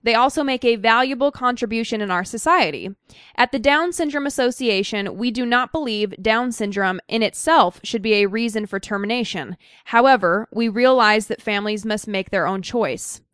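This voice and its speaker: Woman, podcast co-host, matter-of-fact, smooth clear voice, dry close mic. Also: on the high side, normal speed, no room sound. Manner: matter-of-fact, reads quotes in an even tone. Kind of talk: casual chat, reading news quotes aloud.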